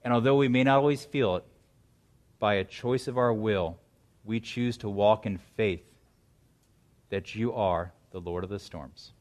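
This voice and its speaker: A male pastor preaching a sermon, building to loud, dramatic swells and dropping to hushed, quiet lines. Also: fairly low pitch, unhurried, long pauses.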